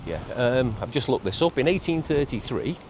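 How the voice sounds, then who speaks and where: A middle-aged man, chatting casually in a walking vlog on a seaside promenade, halting with many repeats and fillers. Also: mid-range voice, lively intonation. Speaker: vlogger. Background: faint outdoor ambience with traffic and seagulls.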